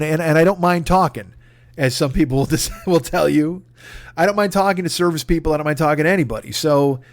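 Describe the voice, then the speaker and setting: A man's voice: on the high side, no room sound. Man, forties, podcast host, casual storytelling, profane, self-deprecating, restarts a lot, dry close sound. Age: 40s.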